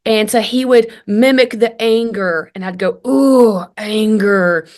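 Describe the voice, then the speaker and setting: A woman appears as a guest in a conversational interview, a family communication coach who earnestly tells family stories and animatedly acts out the dialogue. Her voice is a little high, at normal speed.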